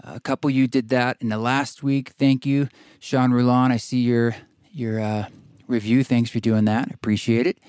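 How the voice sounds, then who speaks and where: A man from Oregon hosting a podcast, talking in a relaxed, rambling way with fillers, a bit out of breath. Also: mid-range voice, normal speed, clear, resonant tone, no echo, studio quality. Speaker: podcast host. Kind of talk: casual podcast intro and interview. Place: tiny house studio.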